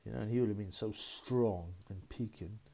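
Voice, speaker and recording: A man's voice: fairly low pitch, moderate pace, gravelly, a little mellow. A man hosting a boxing channel, rambling casually and laughing as he talks. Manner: rambling, laughing, mocking impressions of critics. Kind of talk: casual solo commentary.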